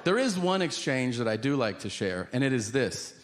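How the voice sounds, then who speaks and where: A man's voice: mid-range voice, very animated, moderate pace. Wry self-mocking male stand-up comedian. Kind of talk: stand-up storytelling. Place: comedy stage with live audience. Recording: noisy live stage recording.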